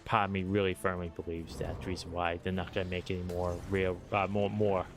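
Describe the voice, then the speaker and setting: An American man streaming a game, talking in a relaxed, opinionated, conversational way. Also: low voice, a little fast, music in the background. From United States. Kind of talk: casual chat while gaming.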